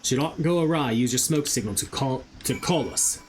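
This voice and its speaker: A curt imperial officer , as a man puts him on, barking clipped and formal orders in a voice pushed lower than usual. Faint game music runs beneath. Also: lively intonation, moderate pace, close to an everyday voice. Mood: stern. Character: stern male imperial officer, curt and commanding.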